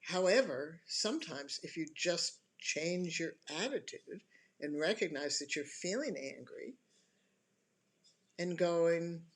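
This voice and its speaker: Slow, calm, lively-pitched health educator. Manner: calm, deliberate, explains point by point; slow, emphatic pauses between phrases. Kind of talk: instructional talk to an online audience.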